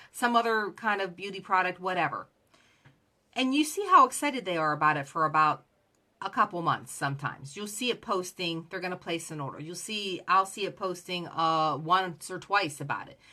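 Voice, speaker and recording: A woman's voice: lowish voice, sharp tone. A woman giving chatty sales advice who acts out both sides of the conversations she describes. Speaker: direct sales coach. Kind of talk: casual motivational talk.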